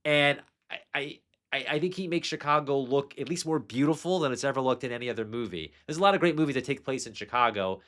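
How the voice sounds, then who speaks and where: A man of ordinary pitch chats about movies as a podcast host. He talks with eager enthusiasm, circling back on himself with fillers and restarts, and sounds relaxed. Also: fast. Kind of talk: casual film discussion.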